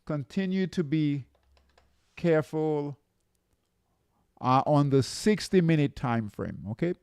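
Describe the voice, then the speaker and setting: A man coaching traders through charts, in an unhurried, gravelly voice. He keeps asking "okay?" and "right?" along the way. The sound is close and dry. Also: a little high, expressive, a little mellow, no room sound. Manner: repetitive, checks in with "okay?" and "right?". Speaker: trading coach. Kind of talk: live chart walkthrough.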